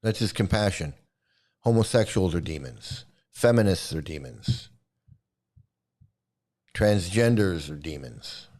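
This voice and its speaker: A man with a fairly low voice hosts a commentary rant. He talks heatedly and swears freely, often stumbling into repeats when he gets worked up. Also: expressive, slow, long pauses, darkish tone. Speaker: commentary host.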